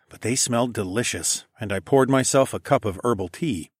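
Calm and even, a man with a mid-range voice narrates a first-person novel as an audiobook. The sound is dry and cleanly recorded in a studio.

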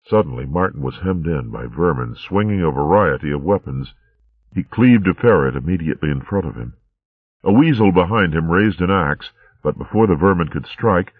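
A man narrating a storybook in a steady, measured way. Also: sits low, no room sound. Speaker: audiobook narrator. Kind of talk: scripted narration. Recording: tinny narrow-band recording.

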